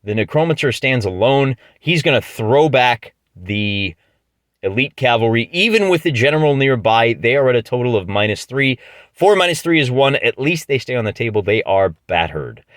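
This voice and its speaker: A middle-aged man with a Midwestern American accent and a medium-pitched, expressive, slightly bright voice narrates a solo tabletop battle at normal speed. He's chatty and jokey, often restarting mid-phrase, in a dry recording.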